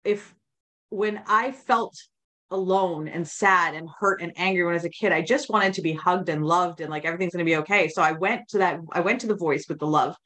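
Brief: female podcast guest, low-ish voice, candid rambling storyteller. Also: brisk, fairly bright tone. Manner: rambling, with many restarts and quoted inner thoughts.

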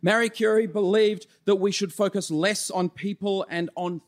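A man's voice: sits high, steady tone. Mock-earnest man giving a comic speech. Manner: mock-earnest, rambling with deliberate slips. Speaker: comedy debater. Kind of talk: live comic debate speech.

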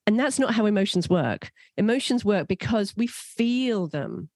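A mother and parenting coach talking parents through advice in an earnest, reassuring way, growing animated when she describes strong feelings. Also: medium pitch, moderate pace, no echo.

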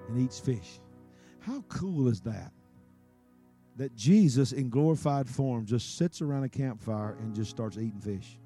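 A man preaching a sermon, animated and emphatic, swinging between loud peaks and quiet asides. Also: medium pitch.

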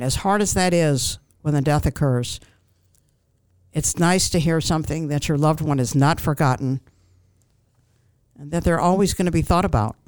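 Gentle, reassuring woman with a smooth voice. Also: deep voice, no room sound. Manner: gentle, reassuring, with frequent ums and restarts. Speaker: grief counselor guest. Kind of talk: calm advice in an interview.

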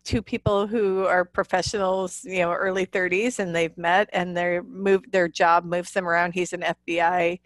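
A woman's voice: on the low side, level tone, normal speed, few pauses, no echo, clean studio sound. A woman from the northern US Midwest with a Midwestern accent, a romance author chatting as a guest and laughing often. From US Midwest, Illinois. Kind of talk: casual interview chat.

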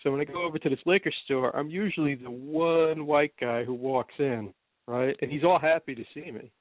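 A man's voice: fairly high pitch, a little fast, no echo. A man from New Jersey hosting a podcast, telling rambling stories in casual chat and laughing often. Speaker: podcast host. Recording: tinny phone-like sound, dry.

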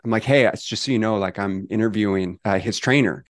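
A man in his forties hosting a podcast over a remote call, relaxed and friendly, calling his guest dude and brother. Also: on the low side, fairly quick. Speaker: podcast host. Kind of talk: casual interview chat.

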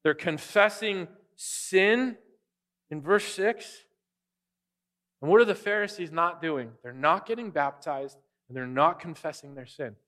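A man's voice: a little high, unhurried, fairly bright tone. A man pastor preaching a sermon, direct and emphatic, often posing rhetorical questions to the congregation.

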